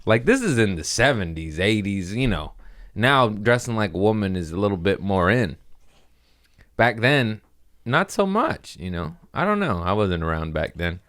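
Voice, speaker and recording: Young male comedian host, lowish voice, loose crude storytelling, laughs at own bits. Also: big pitch swings, normal speed, fairly bright tone. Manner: rambling, crude, laughs at his own jokes. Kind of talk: casual comedic monologue.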